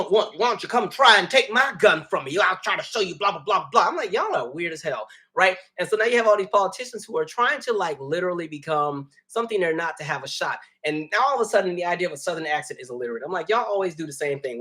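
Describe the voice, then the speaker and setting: A man's voice: fairly high pitch, a bit bright. A man hosting a casual livestream, talking animatedly, laughing and reading viewer comments aloud. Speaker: livestream host.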